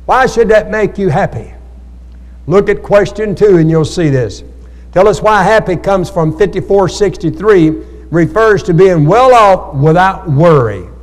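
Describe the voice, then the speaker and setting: High-voiced preacher in an echoey hall. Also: male voice, animated, measured pace. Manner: preaching with call-and-response to the congregation. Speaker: pastor. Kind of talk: sermon at Bible study. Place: church hall.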